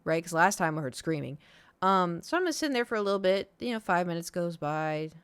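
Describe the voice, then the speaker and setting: A woman streams from home, telling her chat a meandering story and peppering it with fillers as she acts out what others said. Her voice sits a little low and comes through smooth and clean. The desk mic picks it up close and dry, with no room around it. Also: sing-song, brisk, dry recording. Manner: rambling, lots of "like" and "um", acts out quoted voices.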